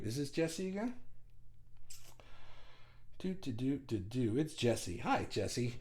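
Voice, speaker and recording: A man's voice: medium pitch, very animated, slow, pauses often, a little mellow. A man hosting a casual live stream who rambles, swears freely and reads viewer comments aloud. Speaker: livestream host.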